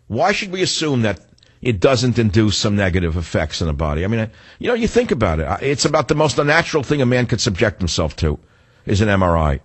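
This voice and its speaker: An older male radio host holds forth in a low, slightly husky voice that swings widely in pitch as he rants. His delivery is sarcastic and rambling, full of restarts and asides. The studio sound is close and dry. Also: no room sound. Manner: sarcastic, rambling, animated rants with self-corrections. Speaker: radio talk show host. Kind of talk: talk radio monologue.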